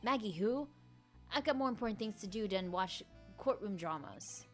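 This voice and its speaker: A woman's voice: mid-range voice, animated, normal speed, natural voice. A woman acting out a swaggering male loan shark with a thick mock Brooklyn accent. He barks street slang and threatens everyone in the room. Light music plays underneath the game voice. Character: brash loudmouth male loan-shark thug.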